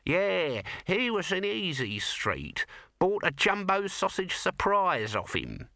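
A man's voice: high voice, wildly swooping pitch, slow, sharp tone, no echo, studio quality, voice pushed up, exaggerated voice. A man voicing a sly, scruffy male city watch corporal with slangy, raised speech.

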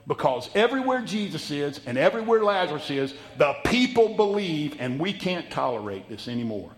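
Male pastor, folksy sermon delivery, higher-pitched voice, dramatic loud-soft swings. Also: sing-song, a little fast, hardly any pauses. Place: church sanctuary.

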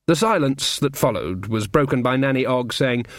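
A man reading an audiobook narration in an expressive, storytelling way. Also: mid-range voice, normal speed, hardly any pauses, dry recording, studio quality. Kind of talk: scripted narration.

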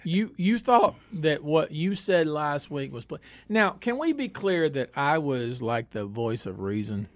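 A man hosting a comedic radio talk show, boisterous and jumping between loud bursts and low asides. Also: expressive, measured pace, hardly any pauses, dry recording. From Northeast Texas.

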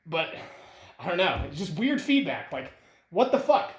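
Excitable young man, echoey room. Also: high-pitched, normal speed. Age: 20s. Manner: rambling, excitable, heavy swearing and "like" fillers. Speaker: son talking with his father. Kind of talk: casual heart-to-heart conversation. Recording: roomy echo with faint noise.

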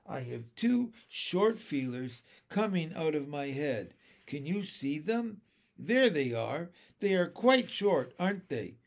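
A man's voice: on the high side, big pitch swings, slow pace, vocal fry, exaggerated voice. A man voicing a kindly old green grasshopper who explains things proudly, in a storybook reading. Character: old green male grasshopper, gentle and wise.

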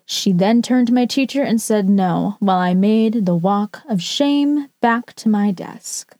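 A woman reacting to read-out stories in a slow, unhurried drawl, blunt and sarcastic and quick to swear. Her voice is mellow and close, with a dry, deadened sound. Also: mid-range voice, no room sound. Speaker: storytime reactor. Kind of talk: casual commentary on read-out stories.

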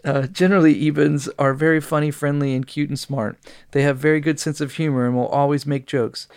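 A man's voice: on the high side, steady tone, fairly quick, darkish tone, clear, resonant tone. Giggly man reading aloud on a podcast. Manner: giggly, breaks into helpless laughter while reading. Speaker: podcast co-host.

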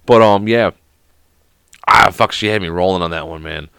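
A man's voice: deep voice, normal speed, gravelly, sharp tone, clean tone. A young man who is sick hosts a podcast alone in casual chat. He swears constantly and rambles through anecdotes. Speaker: podcast host.

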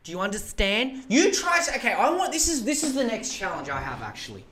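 A man, hosting a podcast and ranting casually about politics in a lively, profane, mocking way. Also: high-pitched, fairly quick, a little hiss or hum. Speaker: podcast host.

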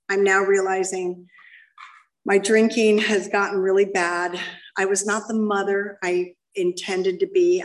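A middle-aged woman giving a candid, self-deprecating personal testimony to a live audience in a meeting room. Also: mid-range voice. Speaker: speaker sharing her story at a recovery meeting. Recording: voice picked up from a distance.

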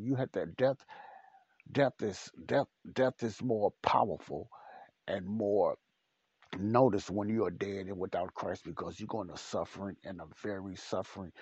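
A man's voice: lowish voice, a little mellow, slightly rough, no echo. A man preaching a podcast sermon, blunt and repetitive, speaking straight to the listener. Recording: dull, dry lo-fi recording.

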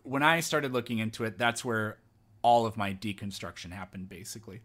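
A man's voice: lowish voice, brisk, fairly bright tone. A man hosting a casual podcast conversation, reflective and thinking aloud as he talks. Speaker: podcast host.

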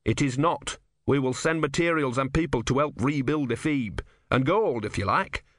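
A man voicing an earnest young male peacemaker who speaks gently and pleads. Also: mid-range voice, lively intonation, normal speed, no echo, studio quality, natural voice.

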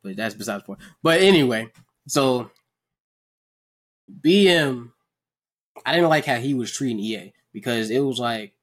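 Animated young man on a podcast. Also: mid-range voice, normal speed, long pauses. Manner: animated, profane, acts out characters with laughs. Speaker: podcast host. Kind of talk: casual podcast chat.

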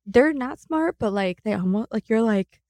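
A woman's voice: on the high side, animated, moderate pace, warm tone, no echo. Blunt, profane young woman storyteller. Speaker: podcast co-host. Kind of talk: casual podcast chat.

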